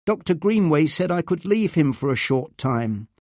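A man putting on a frightened mother from a read-aloud story, voiced higher than his narration and rising and falling often. She sounds anxious and tender, in a dry, close recording. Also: lively intonation, normal speed, a little mellow, dry recording, close to an everyday voice. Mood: worried. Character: worried mother, adult woman, loving.

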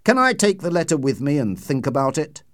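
A man's voice: on the high side, big pitch swings, brisk, no room sound, studio quality, voice pushed up. A man doing a worried, probing lawyer. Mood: pressing. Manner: pressing, earnest questions. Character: worried, probing middle-aged male lawyer. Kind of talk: audiobook character reading.

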